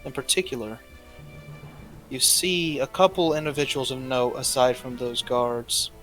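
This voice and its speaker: A man narrating as game master in a tabletop game, describing scenes briskly with occasional fillers. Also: medium pitch, fairly even intonation, a bit bright, faint music behind.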